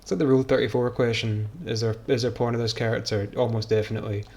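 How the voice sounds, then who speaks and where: A man's voice: medium pitch, flat delivery, fast, darkish tone. A man streaming a game, rambling and joking in casual, self-mocking commentary. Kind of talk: casual commentary while gaming.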